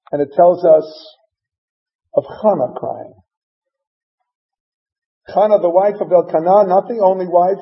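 Man, sermon, storytelling, Hebrew terms, high voice, muffled lo-fi recording. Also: creaky. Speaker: preacher. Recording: dull lo-fi recording.

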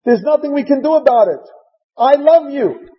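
A man doing a gently consoling husband. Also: very high-pitched, lively intonation, moderate pace, big-room sound, dull audio, voice pushed up.

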